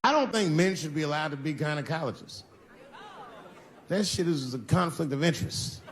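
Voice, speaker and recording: A man's voice: on the high side, animated, normal speed. A man doing stand-up comedy, telling stories conversationally and acting out the people in them. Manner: conversational storytelling with acted-out quotes. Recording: reverberant hall with faint noise.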